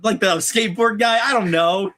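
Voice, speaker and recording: A male co-host in relaxed chat, blunt and jokey, with a bright, forceful tone. He swears freely while making his points. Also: high voice, normal speed. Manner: blunt, joking, swears when giving advice. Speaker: podcast co-host. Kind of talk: casual live-stream chat.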